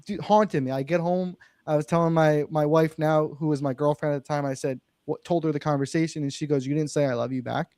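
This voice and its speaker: A man's voice: fairly high pitch, fairly even intonation, brisk, few pauses, a little mellow, clear, resonant tone, no room sound, studio quality. A young man, a real estate investor, earnestly telling a personal story as a podcast guest. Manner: earnest, emphatic, swears it's true. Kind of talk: casual interview storytelling.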